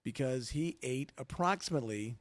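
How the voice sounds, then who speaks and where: A man's voice: medium pitch, expressive, moderate pace, no room sound. A middle-aged man co-hosting a casual talk show, easygoing and joking. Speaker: podcast co-host.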